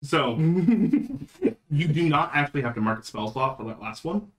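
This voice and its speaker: A man's voice: a little high, big pitch swings, measured pace, low-quality recording. A man running a tabletop game as game master, talking casually and laughing often.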